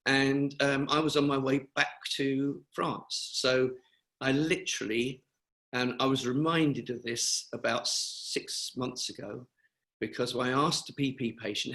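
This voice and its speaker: A man's voice: medium pitch, fairly even intonation, measured pace, fairly bright tone. Chatty older man telling stories. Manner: chatty, rambling, with frequent fillers and restarts. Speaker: interviewee, cancer charity founder. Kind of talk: webinar interview, anecdotal storytelling.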